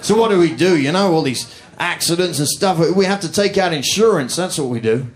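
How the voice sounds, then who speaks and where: A man's voice: on the high side, expressive, a little fast. Posh English man ranting in stand-up. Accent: posh southern English. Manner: sarcastic, mock-indignant ranting. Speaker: stand-up comedian. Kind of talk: stand-up routine. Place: comedy club stage before a laughing audience. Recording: live club recording with audience laughter.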